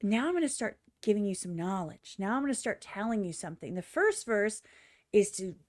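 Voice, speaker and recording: A woman's voice: mid-range voice, very animated, a little fast, dry recording, clean studio sound. A woman streamer giving blunt, profane reaction commentary on a music video, often mimicking other people in exaggerated voices.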